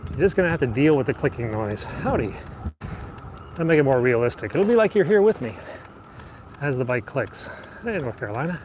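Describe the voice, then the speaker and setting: A livestreaming vlogger bikes along city streets outdoors, chatting with viewers and thinking aloud during his live tour. He has a mid-range voice. His phone stream picks up loud street noise, traffic, and ambient city sounds.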